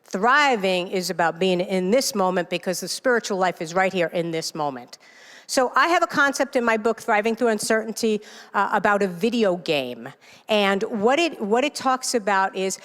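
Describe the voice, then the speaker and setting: A woman from New York City giving an inspirational talk to a congregation as a self-help author, telling stories with animated, self-deprecating humor. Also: mid-range voice. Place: church sanctuary. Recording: long reverb of a large hall.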